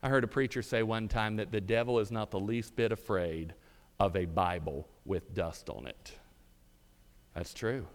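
A man preaching a sermon, with dramatic pauses and drawn-out emphasis. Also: lowish voice. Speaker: pastor. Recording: reverberant hall.

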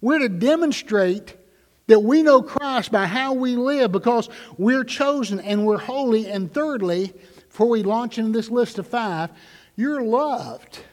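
Middle-aged pastor guy preaching, kinda high voice, big church echo, gets loud and stretches words for emphasis. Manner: earnest, emphatic preaching with rising peaks and drawn-out words. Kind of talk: sermon. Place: church sanctuary. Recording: long reverb of a church hall.

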